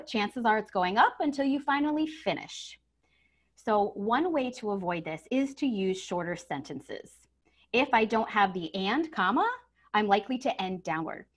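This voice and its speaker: Woman, voice coach, webinar lesson, emphatic, demonstrates pitch and volume. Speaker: communication trainer. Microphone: home setup over video call.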